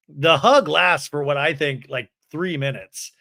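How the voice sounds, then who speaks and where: Bright-voiced man gossiping through a recap. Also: a little high, unhurried, hardly any pauses. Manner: animated, gossipy storytelling. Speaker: podcast host. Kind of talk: comedic reality TV recap.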